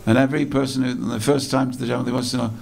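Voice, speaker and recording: Male preacher, gravelly tone, storytelling sermon in a temple hall, unhurried and repetitive. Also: medium pitch, flat delivery, darkish tone. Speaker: speaker at a temple festival.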